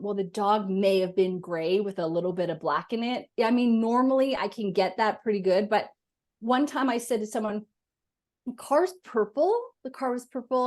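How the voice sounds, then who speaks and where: A woman guest, a medium, talking in a casual interview, animated and expressive as she explains. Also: on the high side. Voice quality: animated, talks with her hands.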